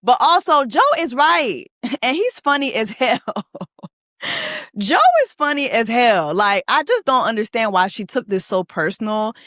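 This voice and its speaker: Chatty cussing woman doing a tv recap, higher voice, dry close sound. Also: a little slow, no room sound. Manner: animated, profane, laughing asides. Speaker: reaction vlogger. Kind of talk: casual reality-show recap.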